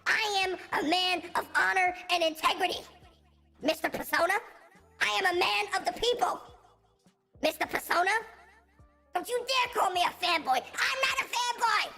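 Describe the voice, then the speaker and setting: A man's voice: very high voice, normal speed, vocal fry, sharp tone, faint music behind, pitched above the performer's own voice, exaggerated voice. A man voicing a pompous, preachy male politician who is easily angered. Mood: indignant.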